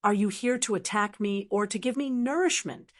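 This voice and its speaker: A woman playing a cheeky, self-assured young man, curious and unafraid. The reader's middle-pitched voice turns light and teasing for him. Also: normal speed, close to an everyday voice.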